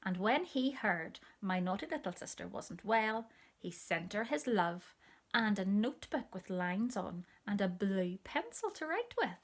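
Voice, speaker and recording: Female storyteller, slow, gentle children's-book reading, intimate asides. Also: medium pitch, big pitch swings.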